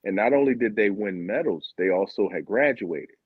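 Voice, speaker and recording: Husky-voiced man, dull lo-fi sound. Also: fairly low pitch, normal speed. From Baltimore, Maryland, USA. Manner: animated, acts out quotes of teammates. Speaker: guest, former Olympic sprinter. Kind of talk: candid conversational storytelling.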